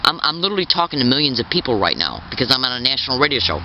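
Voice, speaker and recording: A man's voice: mid-range voice, sing-song, rapid-fire, muffled recording, heavy background noise. Insistent man narrating over clips. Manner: insistent, repeats himself. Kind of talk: commentary over recordings.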